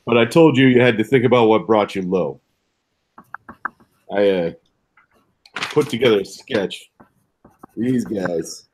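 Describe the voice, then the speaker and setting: Brief: man playing a lower-pitched tough-talking gutter fixer with a street drawl. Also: a little slow, long pauses, darkish tone, a little hiss or hum, close to an everyday voice. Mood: conspiratorial. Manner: gruff slangy street talk, ain't and gonna. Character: streetwise male gutter fixer addressing the crew.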